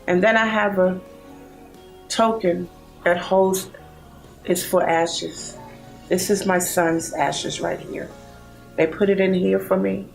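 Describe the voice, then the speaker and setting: Gravelly-voiced grieving woman in her sixties. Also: lowish voice, low-quality recording. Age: 60s. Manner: heartfelt, halting, grieving. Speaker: bereaved mother in a support program. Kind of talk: personal testimony.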